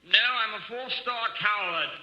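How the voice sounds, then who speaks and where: A man's voice: high-pitched, measured pace, bright, forceful tone, full character voice. A man playing a pompous fake English nobleman with a put-on posh English accent, in 1940s radio comedy. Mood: mock-posh. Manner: clipped, mock-posh, wisecracking. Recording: dull noisy 1940s radio transcription, roomy.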